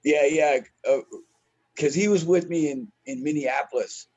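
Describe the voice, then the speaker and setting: A man's voice: on the high side, a little slow, a little mellow, rough recording. A man who is a stand-up comedian, telling a story in a casual, profane, slangy way and laughing often.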